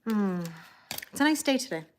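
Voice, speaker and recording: A woman hosting a tarot livestream in a calm, chatty way, reading viewer comments aloud and thanking people by name. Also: a little high, moderate pace, a little hiss or hum. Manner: calm and relaxed. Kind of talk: casual livestream chat.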